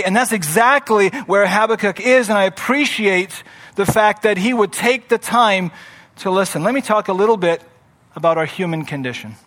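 A man delivers a sermon in a notably high voice. He reads scripture aloud and dramatizes the speakers with rising, emphatic energy, then drops back to a conversational teaching tone. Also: fairly bright tone. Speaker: pastor.

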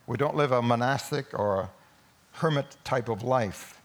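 A man preaching a Sunday sermon in a church, emphatic, with sudden loud peaks. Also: mid-range voice, a little slow. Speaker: pastor.

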